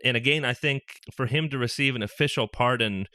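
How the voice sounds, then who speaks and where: Bright-voiced man hosting a fan podcast. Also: medium pitch, a little fast, dry recording, studio quality. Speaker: podcast host. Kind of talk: casual fan podcast chat.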